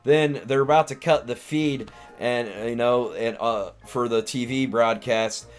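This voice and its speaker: A man's voice: medium pitch, steady tone, measured pace, smooth, faint music behind. A man hosting a live stream, casually recapping a film in a rambling way with lots of restarts and filler words. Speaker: live-stream host, comedian.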